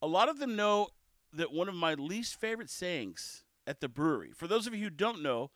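A man hosting a casual solo podcast, chatty and cheeky, telling stories in an animated way. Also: high voice, moderate pace, dry recording, clean studio sound. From South Texas. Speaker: podcast host.

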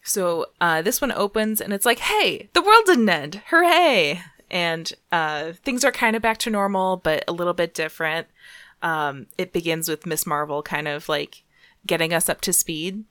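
A young woman chats casually as a podcast host, her voice sitting a little low. She rambles loosely with plenty of fillers and frequent giggles. The sound is close and dry, with no room around it. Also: normal speed, fairly bright tone, smooth, no echo. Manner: chatty, giggly, many fillers. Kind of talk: casual chat.

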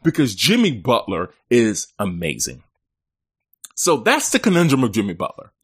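A man talks sports solo for a podcast, and his pitch rises and falls a great deal as he goes. He talks in a relaxed, conversational way and keeps slipping into quick playful impressions. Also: slightly rough.

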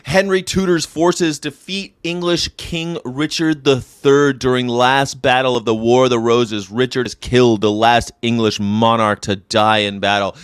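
A man's voice: medium pitch, no room sound. Irreverent, rambling man on a dry mic. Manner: irreverent, rambling, swears and jokes. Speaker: show host. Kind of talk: casual commentary on history facts.

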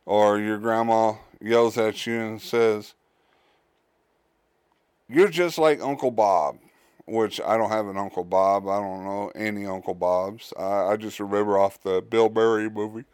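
A man who is a father hosts his own podcast, talking on his own in a casual, halting way, with many fillers and restarts. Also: fairly low pitch, level tone, darkish tone, smooth, no echo, clean studio sound. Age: adult, a father. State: tired, yawning. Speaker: podcast host. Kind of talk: casual solo podcast monologue.

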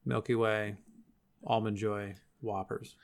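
A man's voice: fairly low pitch, flat delivery, slow, gravelly. A man co-hosting a live-streamed show, chatting casually, rambling and losing his train of thought. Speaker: podcast co-host.

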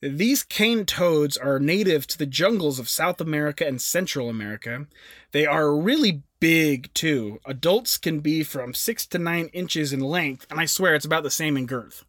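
A man's voice: a little high, lively intonation, moderate pace, fairly bright tone, dry recording, clean studio sound. A young adult man co-hosting a podcast in casual chat, presenting facts with jokey asides. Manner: chatty, jokey, with self-aware asides. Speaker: podcast co-host.

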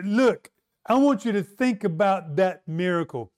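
A man's voice: sits high, expressive, unhurried, darkish tone. A man preaching a sermon, emphatic and often asking the congregation questions. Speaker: pastor.

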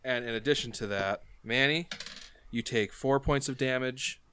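A man running a tabletop game as game master, relaxed and quick to laugh, explaining rules with many fillers. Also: mid-range voice, slight background noise.

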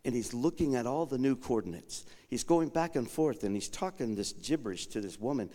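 A man preaching a sermon as a guest bishop, telling a personal story with acted-out dialogue that swings from quiet asides to shouted proclamation. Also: medium pitch, expressive, brisk. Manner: dramatic storytelling, acting out dialogue. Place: church sanctuary. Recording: long reverb of a large sanctuary.

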